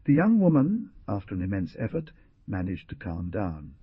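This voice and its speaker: Male narrator, audiobook, low husky voice, expressive, dry muffled recording. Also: moderate pace, no echo. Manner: expressive storytelling with wide pitch swings. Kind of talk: scripted narration.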